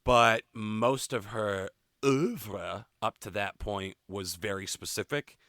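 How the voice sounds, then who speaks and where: A man co-hosting a music podcast, his lowish voice bright and forward. He talks candidly and swears freely in relaxed chat. The sound is dry and close. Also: takes it slowly, no echo. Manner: candid, profane, animated opinions. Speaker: podcast co-host. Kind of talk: casual chat.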